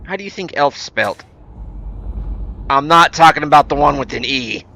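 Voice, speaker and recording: Streaming a survival building game, a man chats casually with viewers and answers chat, rambling through lots of fillers and restarts in an easygoing, self-deprecating way. His voice is fairly high, expressive, pushed and bright, at a normal speed.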